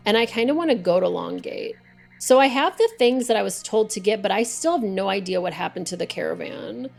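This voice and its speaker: A woman's voice: mid-range voice, animated, brisk, creaky, soft background music. A woman streaming a game live, chatting and thinking aloud with many fillers.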